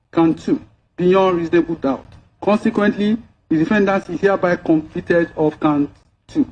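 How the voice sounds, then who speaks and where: A man, a judge reading a formal court judgment in a measured way. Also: high voice, darkish tone. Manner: measured, formal, legal wording. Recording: dull lo-fi recording.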